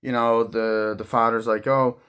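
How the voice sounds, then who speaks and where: A man with a fairly low, fairly bright voice talks at a normal speed while casually reviewing a film. He rambles through the scenes, swearing heavily and loosely retelling them with a lot of "like" and "um."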